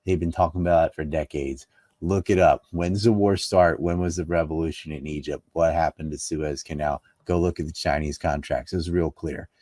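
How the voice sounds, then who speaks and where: A man's voice: rumbling low, fairly even intonation, a little fast, warm tone, no echo, clean studio sound. A man from North Carolina, a political commentator in a conversational interview, talking emphatically and firing off rhetorical questions.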